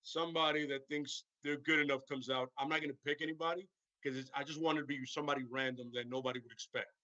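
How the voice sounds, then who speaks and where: A man's voice: medium pitch, steady tone, quick pace, bright, forceful tone, no room sound, highs cut off. A man hosting a stream, rambling casually about wrestling storylines and tagging sentences with "right?" and "you know what I'm saying?". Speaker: stream host.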